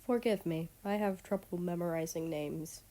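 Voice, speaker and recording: A woman voicing a stoic young male guard who speaks in a flat monotone. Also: lowish voice, moderate pace, close to an everyday voice.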